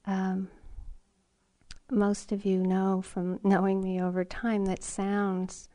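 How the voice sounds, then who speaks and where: A middle-aged woman giving a dharma talk at a meditation retreat, speaking in an unhurried, reflective way with frequent pauses and soft laughs. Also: medium pitch, monotone. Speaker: meditation teacher.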